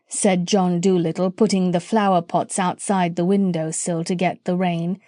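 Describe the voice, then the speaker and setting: Expressive female audiobook narrator, warm and lively, dry close mic. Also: fairly low pitch, moderate pace, hardly any pauses, no echo. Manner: expressive, storytelling. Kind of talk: storybook narration.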